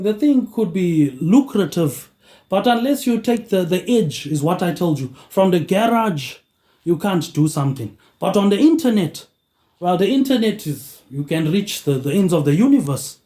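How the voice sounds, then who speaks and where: A man's voice: high voice, warm tone, reverberant. A man hosting his own show in a rambling monologue, tagging lines with "mate, eh" in a dropping tone. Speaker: podcast host.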